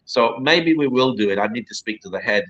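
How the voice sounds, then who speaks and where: Chatty man from northern England, bright voice. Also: mid-range voice, expressive, brisk. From northern England, near the Scottish border. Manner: chatty, rambling, repeats words for stress. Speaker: poet and guest. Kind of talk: casual interview chat. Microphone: video call. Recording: lo-fi streamed video call.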